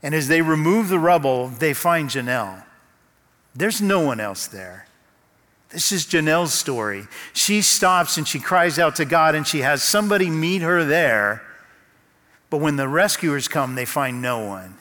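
A man preaching a sermon as pastor, telling a story with slow, dramatic pauses. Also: fairly high pitch, animated, sharp tone. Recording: long hall reverb.

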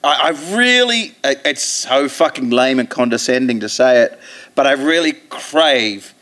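Bright, brash Australian man telling stories. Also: mid-range voice, a little slow. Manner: profane, animated storytelling with put-on voices. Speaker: comedian guest. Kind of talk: live podcast interview. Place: theatre stage.

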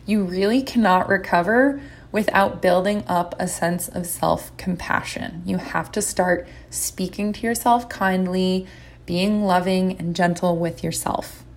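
Slow, gentle woman coaching recovery. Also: lowish voice, steady tone. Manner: gentle, encouraging. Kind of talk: instructional talk.

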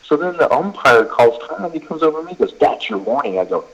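A man's voice: a little high, big pitch swings, fast, gravelly, fairly bright tone, slightly rough, lo-fi sound. A man who coaches college baseball, chatting casually on a podcast and telling rambling stories full of fillers and quoted back-and-forth. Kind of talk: casual podcast chat, storytelling.

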